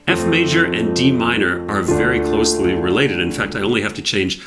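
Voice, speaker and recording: A man's voice: lowish voice, fairly quick. A man teaching a piano tutorial, explaining with enthusiasm and demonstrating at the piano. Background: piano playing.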